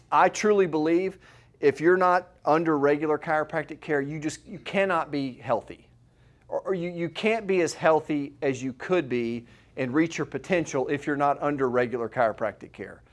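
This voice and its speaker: A middle-aged man, a chiropractor, giving a live health talk to an audience in a conversational way and putting questions to the room. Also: a little high.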